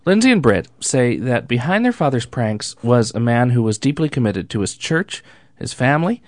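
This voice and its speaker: A reporter narrates a radio feature in an unhurried, deliberate voice. The sound is close and dry, with a mid-range pitch. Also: no room sound. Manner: slow, calm, deliberate narration.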